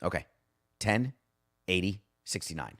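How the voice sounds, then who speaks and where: A man's voice: low voice, lively intonation, measured pace, a bit bright. A middle-aged man hosting a sports podcast, talking in a blunt, wry, conversational way. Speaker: podcast host. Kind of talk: casual sports talk monologue.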